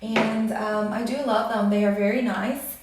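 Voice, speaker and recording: A woman's voice: medium pitch, fairly even intonation, unhurried, background noise. A woman talking through an unboxing vlog in a casual, annoyed, complaining way, with many fillers. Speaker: vlogger. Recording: very echoey room, voice from a distance.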